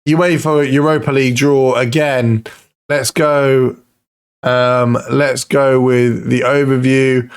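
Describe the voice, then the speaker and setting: A man commentating his own football management game, excitable and pleading at the screen, swearing now and then. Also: mid-range voice, slow pace, clear, resonant tone. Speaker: gaming YouTuber.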